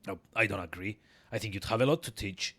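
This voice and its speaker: A man reading a quiet scarred wanderer. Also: fairly low pitch, fast, pitched below the performer's own voice. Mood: subdued.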